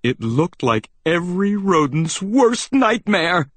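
A man narrating a children's storybook in a dramatic, deliberate reading. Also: high voice, big pitch swings, a bit bright, dry recording.

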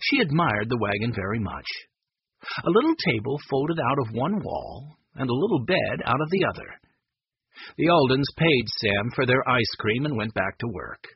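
A man reading a children's book aloud in an expressive narration style. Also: mid-range voice, husky, no room sound, lo-fi sound.

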